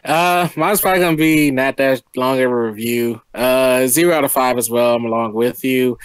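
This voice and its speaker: A man talks through a wrestling review in a relaxed, mildly let-down way. His voice sits close and dry, with no room sound around it. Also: mid-range voice, moderate pace, clean tone, dry recording. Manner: laid-back, mildly disappointed. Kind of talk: casual review chat.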